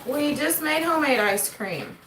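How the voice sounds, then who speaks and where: A woman's voice: high voice, lively intonation, normal speed, noisy background. A woman hosting a casual livestream mail call from her table at home, chatting and often breaking off to talk to her kids. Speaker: homestead channel host and mother. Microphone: camera on the table. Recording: roomy echo in a home.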